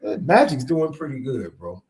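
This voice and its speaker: A man's voice: medium pitch, big pitch swings, normal speed, a little mellow. A man co-hosting a sports podcast in casual debate, teasing his partner and repeating points for emphasis.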